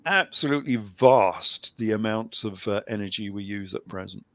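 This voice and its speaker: A man's voice: fairly low pitch, moderate pace, fairly bright tone, no room sound. A man talking on a call-in show, rambling with lots of ums and a dry humor. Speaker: guest author. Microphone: video call.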